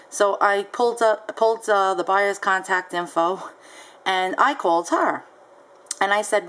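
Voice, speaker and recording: A woman's voice: mid-range voice, unhurried, fairly bright tone, poor audio. A woman seller casually recounting a story on her vlog, chatty and peppered with ums and asides. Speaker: online seller.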